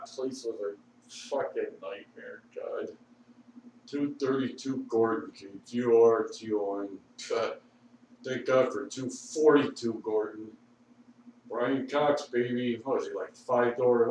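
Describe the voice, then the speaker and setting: A man's voice: mid-range voice, takes it slowly, darkish tone, heavy reverb, distant mic, a little hiss or hum, poor audio. An intoxicated man rambling profanely with laughs, talking outdoors on a street corner. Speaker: vlogger.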